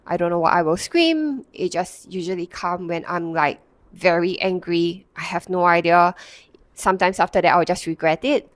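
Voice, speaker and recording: A woman's voice: fairly low pitch, moderate pace, dry recording. A woman, a counsellor and Reiki practitioner, telling a personal story to the camera in a reflective way, with many fillers and restarts.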